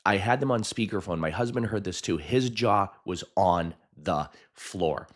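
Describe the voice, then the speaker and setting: A man, a hypnotist, telling a personal story in a chatty, animated way, with frequent laughs and fillers. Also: low-pitched, a little slow. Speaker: hypnotist and video host.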